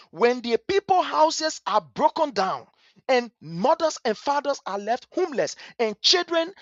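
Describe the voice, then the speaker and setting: A man with a Liberian English accent and a very high, slightly bright voice delivers fiery, scornful political commentary, repeating his points with passion. The audio is dull, with no echo.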